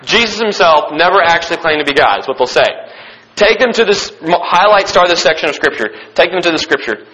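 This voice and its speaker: A young man preaching a sermon, reading scripture and stressing key points with excitement and repetition. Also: fairly high pitch, fairly quick, slight background noise, rough recording. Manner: emphatic and excited, repeating key phrases; frequent restarts and fillers.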